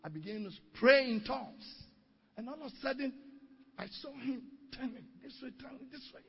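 A male pastor telling a testimony in an animated sermon, recorded dull and distant-sounding in a hall with long echo. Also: extremely high pitch, brisk, creaky. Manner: storytelling, animated, exclaiming.

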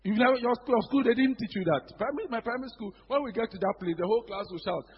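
Very high-pitched, husky, and very fast, this Ghanaian-accented pastor preaches animatedly, mimicking his congregation's voices and mixing in local expressions. The church hall recording sounds dull and echoey.

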